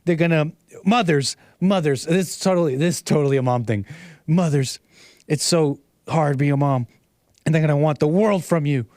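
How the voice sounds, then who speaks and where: A man's voice: fairly high pitch, moderate pace, a little mellow, no room sound, clean studio sound. A man hosting a livestream, reacting to videos with rambling, repetitive, mocking commentary. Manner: rambling, repeats himself, mocking asides. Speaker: livestream host.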